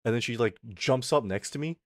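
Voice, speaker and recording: A man's voice: mid-range voice, lively intonation, fairly quick, no echo. A man streaming and chatting with his audience, telling a story in a casual rant. He swears freely and reads out his chat as he goes.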